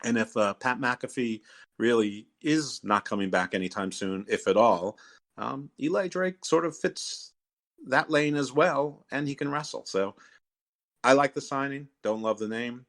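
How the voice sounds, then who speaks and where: A mid-range, fairly bright voice belongs to a podcast host speaking a little slowly. He drifts through casual wrestling chat, restarting often and using lots of fillers.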